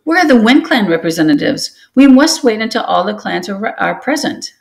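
A reader voicing an impatient cat in a storybook, yelling urgently over a crowd. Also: mid-range voice, sing-song, moderate pace, vocal fry, voice pushed up.

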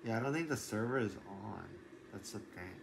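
A young man in casual chat, low-key and mumbling. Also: expressive, brisk, vocal fry, background noise.

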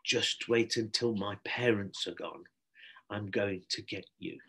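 A man reading aloud, voicing a spiteful schoolboy bully who threatens in a slow, low near-whisper. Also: pushed and bright, slightly rough, heavily acted. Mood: menacing.

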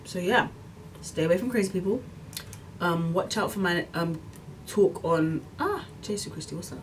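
A woman's voice: lowish voice, normal speed, far from the mic, a little hiss or hum. A young woman, ranting casually to camera with lots of fillers and earnest, preachy encouragement. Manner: rambling, repeats itself, many fillers like "like" and "as in". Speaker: vlogger.

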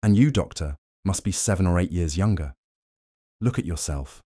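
A proud, defiant android man in an audiobook, bitter and desperate, pushing his voice well above the reader's own low tone, as a male narrator puts him on. The sound is close and dry, with no room around it. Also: lively intonation, moderate pace, no room sound. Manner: pleading, then shouting in anger.

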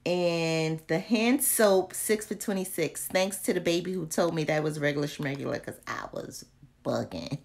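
A woman's voice: low-pitched, normal speed, vocal fry, a little mellow. A woman vlogging casually to her viewers, chatty and exasperated, full of slang and muttered asides. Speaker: candle vlogger. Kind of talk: casual live chat to viewers.

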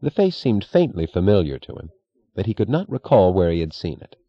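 A man narrating an audiobook in a measured, even reading. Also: sits low, no echo, lo-fi sound. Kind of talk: scripted narration.

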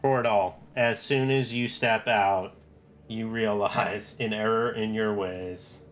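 A man running a tabletop game as dungeon master, describing scenes in a casual, halting way with fillers. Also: lowish voice, fairly even intonation.

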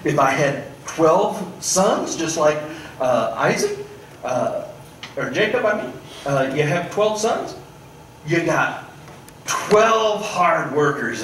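A male pastor preaching a sermon, swinging between loud, animated stretches and hushed, pointed asides. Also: a little high, slow pace, slight background noise. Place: church sanctuary. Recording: echoey church room, mic at a distance.

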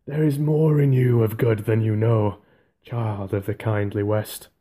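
A man voicing a dying dwarf king who speaks slowly and solemnly. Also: fairly low pitch, steady tone, dark tone, slightly rough. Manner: slow, solemn.

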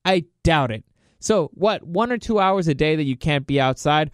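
A man ranting sarcastically on a solo podcast, with a voice pitched a little high for a man. He swears freely and mocks his targets. The sound is dry and close, with no room echo. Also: normal speed, smooth. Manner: sarcastic, profane, mocking; animated, laughs often. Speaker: podcast host.

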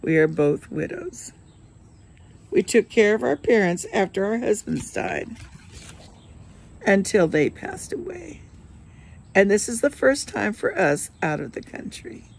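A woman's voice: medium pitch, sing-song, a little slow, vocal fry, pauses often, breathy edge, full character voice. A woman reading the lines of a widowed small-town woman traveling abroad, in a plain, honest manner.

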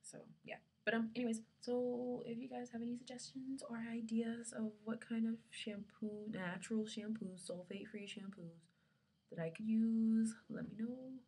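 A woman's voice: on the high side, steady tone, normal speed, dark tone, breathy edge. A young woman vlogging casually from her dorm room, rambling along with lots of fillers, her camera resting on her lap. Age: young adult.

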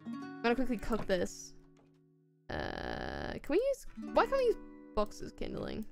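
Chatty Irish woman streamer, higher voice. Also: huge pitch swings, a little slow, vocal fry, soft background music. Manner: rambling, chatty, playful asides. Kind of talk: casual chat while gaming.

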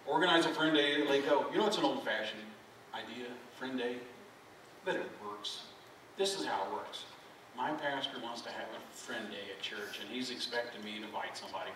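Speaking at normal speed with a medium pitch and lively intonation, a middle-aged man preaches a folksy sermon full of self-deprecating humor and jokes with the congregation. The church sanctuary sounds very echoey, the mic is far away, and there's background noise.

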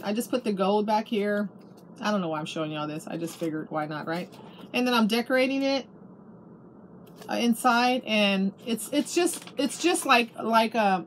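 A woman's voice: mid-range voice, slight background noise. A middle-aged woman chatting casually at home about a craft haul, gushing and restarting her sentences. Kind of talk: casual show-and-tell chat.

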